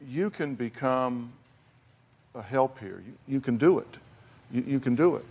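In an unhurried, animated way, a man with a medium-pitched, darkish voice counsels talk show guests on stage. His approach is blunt and confrontational: emphatic delivery, repeated words, and plenty of folksy turns of phrase.

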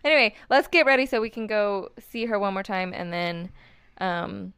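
A woman's voice: medium pitch, normal speed, fairly bright tone, smooth, dry recording. Woman from North Carolina, chatty laid-back vlog host on a small mic. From Hickory, North Carolina. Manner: chatty, laughs often, lots of "like". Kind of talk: casual family chat. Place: childhood bedroom in family home. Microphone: tiny shared mic.

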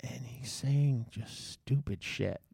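A man in casual conversation, spinning a long anecdote with plenty of swearing. He slips into other people's voices for the quoted bits and raises his pitch when he is incredulous. The sound is close and dry, with no room echo. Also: slow, gravelly, husky. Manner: animated, profane, mimics people in his story. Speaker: podcast host telling a story. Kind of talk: casual storytelling chat.

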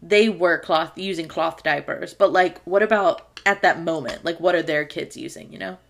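A woman's voice: on the low side, moderate pace, creaky, a bit bright. A woman co-hosting a podcast, chatting casually and recapping a sitcom episode, laughing often. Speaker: podcast co-host.

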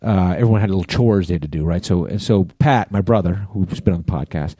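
Low, mellow-voiced man with dry wit. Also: fast, breathy edge, no echo. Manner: wry, teasing, backchannels often. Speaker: podcast co-host. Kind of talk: casual chat.

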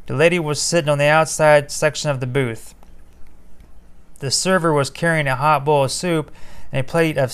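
A man with a mid-range, smooth and clean voice tells a story from his work as an EMT. He speaks casually and conversationally, turning to his listeners with blunt, profane asides. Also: medium pitch. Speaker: EMT telling a call story.

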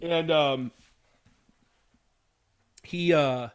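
Speaking extremely slowly, an American Marine veteran shares a war story as a podcast guest in a casual interview. His voice is on the high side, clear and resonant, and he rambles, swears, and doubles back as he recalls events.

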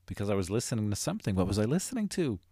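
A man hosting a motivational podcast as a life coach, talking earnestly and building to emphatic, animated delivery. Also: lowish voice, racing, husky, no room sound, studio quality.

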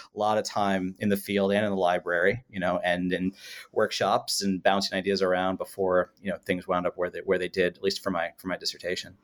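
A man, a guest academic, recalling his research path in a rambling, self-correcting way. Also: low-pitched. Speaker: guest author. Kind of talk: academic interview answer.

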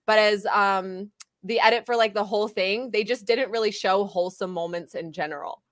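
A woman's voice: medium pitch, moderate pace, no echo. A bubbly, goofy woman talks about her time on a reality show, using plenty of fillers. Her voice is heard close and dry, with no room sound. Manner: upbeat, filler-heavy, describes herself as bubbly and goofy. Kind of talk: casual interview chat.

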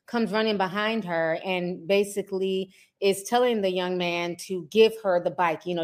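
A woman's voice: mid-range voice, normal speed, hardly any pauses. A woman hosting a casual online news commentary, talking straight to her viewers in a chatty way. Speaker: host.

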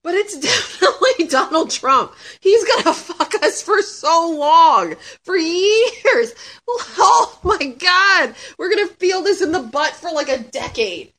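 A woman in her thirties, chatting casually as a guest and answering questions with lots of laughing, swearing and sudden shouts. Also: very high voice, animated, takes it slowly. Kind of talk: casual chat.

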